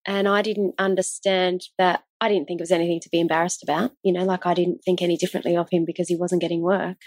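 Woman, candid, reflective, lowish voice, dry close sound. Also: level tone, fast, a little mellow, dry recording. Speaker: guest, wife of the other guest. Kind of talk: casual conversation.

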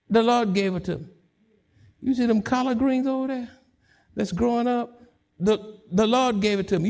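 A joyful old country man in overalls, testifying about what the Lord gave him, as a preacher puts him on. His voice sits high and sounds a little gravelly. He speaks with exuberant, plainspoken conviction. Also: darkish tone.

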